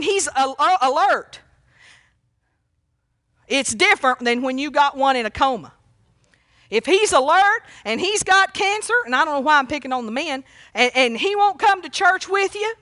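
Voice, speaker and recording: A woman preaching a sermon, folksy and fervent, breaking into loud cries when she quotes a plea for mercy. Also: high-pitched, no echo, clean studio sound. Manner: fervent, folksy, exclaims praise often; rises to shouting when quoting cries for mercy.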